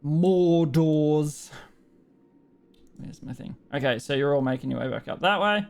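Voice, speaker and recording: A man's voice: on the high side, a little slow, vocal fry, darkish tone. An Australian man narrating as game master in a casual, rambling tabletop session, laughing often.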